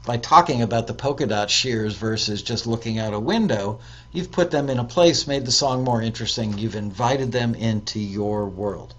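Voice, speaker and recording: A man's voice: medium pitch, moderate pace. A man hosting a show, reading out viewer tips in a casual way, with fillers and self-corrections. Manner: reads aloud with hesitant fillers and self-corrections.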